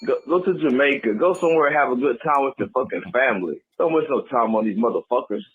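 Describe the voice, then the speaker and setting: A man's voice: medium pitch, lively intonation, fast, fairly bright tone, husky, muffled recording. A man calling in to a podcast, ranting angrily with constant profanity. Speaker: caller. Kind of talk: angry call-in rant.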